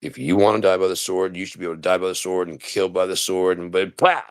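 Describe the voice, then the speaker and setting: A deep-voiced man rants sarcastically on a livestream, his low voice rough with a gravelly fry. He mimics the people he mocks and now and then bursts into a shout. The sound is close and dry, with no room around it. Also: steady tone, fast, no echo. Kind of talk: live-stream commentary rant.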